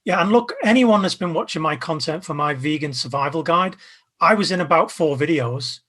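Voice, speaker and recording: A man being interviewed as a guest, giving casual advice with an energetic, emphatic coaching tone. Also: a little high, a little fast, husky. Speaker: guest, video creator.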